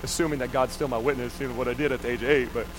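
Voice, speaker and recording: A man's voice: mid-range voice, very fast, noisy background. A man in his thirties preaching a sermon, telling a childhood story and acting out the voices in it, then urging his listeners to answer back. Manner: animated, acts out quoted voices, urges the crowd to respond. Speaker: pastor.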